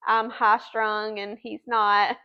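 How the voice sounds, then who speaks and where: A woman's voice: mid-range voice, level tone, takes it slowly, clear, resonant tone, muffled recording. A woman, telling her personal story to a host in an earnest, chatty way. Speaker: guest.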